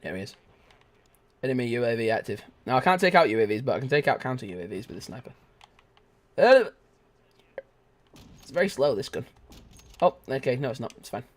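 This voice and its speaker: A young man giving live gameplay commentary, chatting casually and shouting sudden excited exclamations. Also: mid-range voice, fairly quick, long pauses. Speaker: gaming video host.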